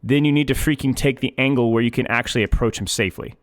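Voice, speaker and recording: A game coach walks a player through a gameplay replay, speaking quickly in a mid-range male voice over a noisy crowd. He's emphatic and tends to repeat his points several times.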